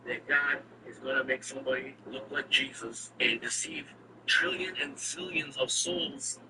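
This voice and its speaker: A man's voice: mid-range voice, unhurried. A man giving an emotional personal testimony. He repeats phrases often and speaks earnestly. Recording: distant mic with loud background noise.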